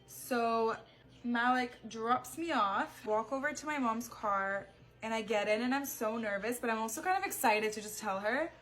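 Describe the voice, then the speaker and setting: A woman's voice: a little high, normal speed, a bit bright, faint music behind. A young adult woman telling a story in a chatty, casual way, with plenty of "like" fillers. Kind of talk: casual storytime while getting ready.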